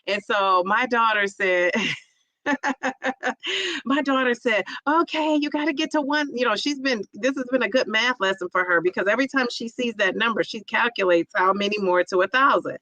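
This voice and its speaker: Woman vlogger, middle-aged, bright clear tone, dry close sound, chatty and animated. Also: on the high side, normal speed, no echo. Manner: chatty, animated storytelling with laughs. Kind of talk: casual livestream chat.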